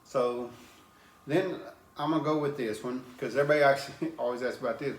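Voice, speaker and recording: A man's voice: mid-range voice, fairly quick, echoey room. A man preaching an informal sermon, plain-spoken and earnest, often repeating and restarting his words as he reads scripture.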